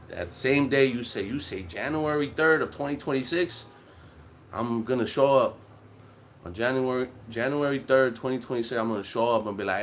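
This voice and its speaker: A man's voice: medium pitch, moderate pace, slight background noise. A young man telling a casual, profane story and acting out the lines of the people in it. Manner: profane, animated, acts out quotes.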